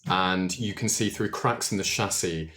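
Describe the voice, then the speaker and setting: Low-voiced man running a game. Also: fairly bright tone, a little hiss or hum. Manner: measured, with frequent ums. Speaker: game master. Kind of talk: narrating a tabletop game.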